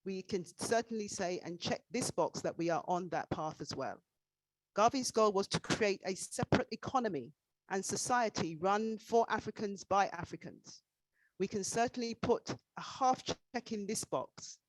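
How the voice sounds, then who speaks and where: A man's voice: high voice, normal speed, rough recording. A man giving a formal ceremonial address at an online tribute event, speaking in a declamatory way and stressing key words.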